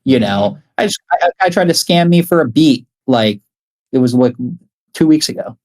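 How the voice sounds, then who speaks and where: Man, podcast guest, music producer, casual chat, rambling, lots of filler words, swears often, average pitch. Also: animated, moderate pace, a little mellow.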